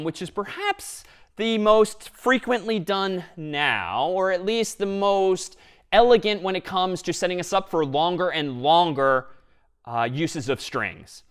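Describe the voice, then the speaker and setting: Lively male programming lecturer. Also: sits high. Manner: explains step by step, lively and engaged. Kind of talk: university lecture with live coding.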